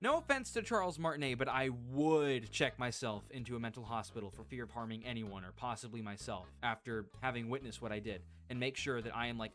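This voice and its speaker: A man's voice: mid-range voice, fairly bright tone. A man narrating a casual video essay in a chatty, wry way, full of "like" fillers, recorded on a home voice-over mic.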